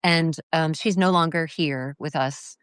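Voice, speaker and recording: Woman from the US, fairly low voice, dry close sound, halting and earnest, searching for words. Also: a bit bright, clear, resonant tone, no room sound. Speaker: interview guest. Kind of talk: casual reflective interview talk.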